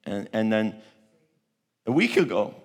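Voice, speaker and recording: Man from Turkey, preacher, lowish voice, animated storytelling, sermon. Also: unhurried. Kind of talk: testimony sermon.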